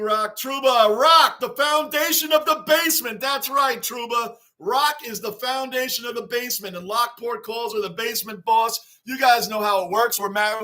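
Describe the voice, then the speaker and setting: Bright high-pitched excited male streamer. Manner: upbeat, shouts greetings to chatters, chuckles often. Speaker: livestream host reading fan chat. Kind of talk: casual livestream chat.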